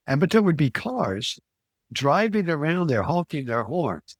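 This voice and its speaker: An older man from Missouri telling a personal story in a casual, halting way, with many fillers and restarts. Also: fairly high pitch, big pitch swings, no room sound, clean studio sound. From Missouri, USA. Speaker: private investigator podcast host.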